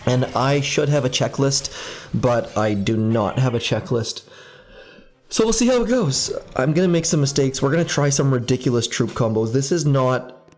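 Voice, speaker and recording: A man's voice: mid-range voice, moderate pace, a little mellow. A man hosting a casual live stream, chatting upbeat and thinking aloud while he plays. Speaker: game streamer.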